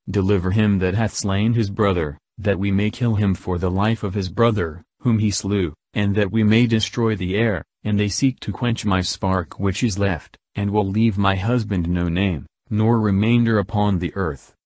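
A man's voice: on the low side, fairly even intonation, darkish tone, no room sound, natural voice. A man reading as a pleading widow. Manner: measured, solemn reading. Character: grieving widow pleading before a king. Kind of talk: scripture reading.

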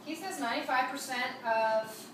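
A woman co-hosting a vlog, chatty and a little high-pitched as she reads out viewer comments. The camera sits at a distance in a very echoey room. A clear noise floor hums behind her. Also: normal speed. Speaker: vlog co-host. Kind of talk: casual chat.

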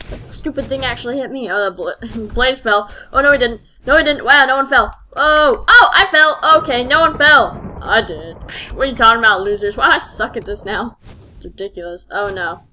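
A woman giving live gameplay commentary as host of her channel, excitable, exclaiming and poking fun at herself as she plays. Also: on the high side, moderate pace, slight background noise. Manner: excitable, exclaiming and self-mocking.

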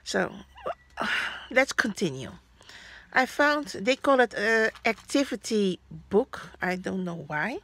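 Slow, chatty woman vlogger. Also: medium pitch, very animated, a bit bright. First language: Dutch. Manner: rambling, chatty, frequent fillers and self-corrections. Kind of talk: casual haul vlog.

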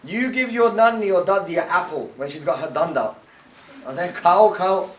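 A man giving a lively, story-driven talk to teenagers at a youth camp, quizzing his audience as he goes. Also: high-pitched, fairly quick. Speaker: camp speaker. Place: indoor camp hall. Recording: echoey room, far from the mic, faint noise.

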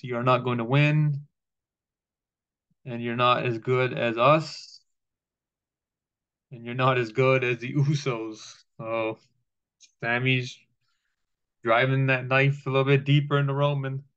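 A man's voice: mid-range voice, fairly bright tone, clear, resonant tone, lo-fi sound. A man giving a loose, casual recap of a wrestling show, cursing and quoting lines as he goes.

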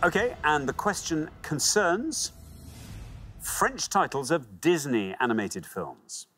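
A man's voice: a little high, big pitch swings, takes it slowly, over music. A man with a British accent hosting a TV quiz show, with playful, theatrical introductions. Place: TV studio with audience.

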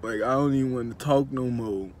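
A man's voice: mid-range voice, fairly quick, slight background noise. A young man vlogging an emotional personal confession, slangy and rambling as he holds back tears. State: close to tears. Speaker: family vlogger.

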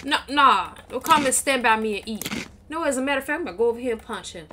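A high-pitched woman gamer trash-talks and brags as she plays, her voice swinging widely up and down. She talks in an unhurried way. Keyboard clicks and typing stay clearly audible in the background. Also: expressive, pushed and bright, slight background noise. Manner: playful, boastful trash talk. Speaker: gaming channel co-host. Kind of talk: casual gameplay commentary.

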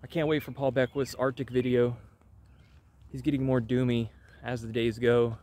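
A man chats loosely to his viewers in a rambling, wry vlog. His voice sits at an ordinary middle pitch, and his delivery is offhand and meandering. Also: steady tone, moderate pace, a little mellow. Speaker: channel host. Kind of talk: casual vlog chat.

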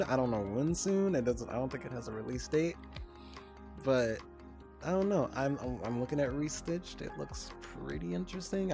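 A man talking casually to his stream chat in a mid-pitched voice. He swears freely, laughs a lot, and flips between being flustered and teasing. Faint music plays underneath. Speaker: livestreamer.

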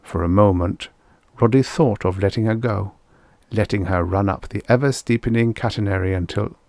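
Low-voiced man reading a story. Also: darkish tone, dry recording. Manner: measured storytelling. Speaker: audiobook narrator. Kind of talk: audiobook reading of vintage science fiction.

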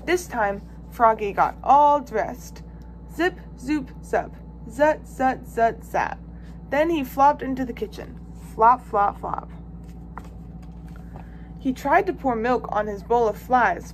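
A woman volunteer reading a children's picture book aloud with expressive, lively storytelling. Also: a little high, measured pace, slight background noise. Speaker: volunteer reader.

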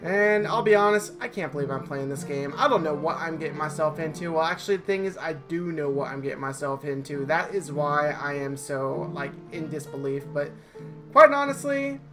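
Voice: medium pitch, lively intonation, moderate pace. Chatty, self-deprecating let's-play gamer. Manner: chatty and self-deprecating, reading the story aloud. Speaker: YouTube gamer. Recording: game music behind.

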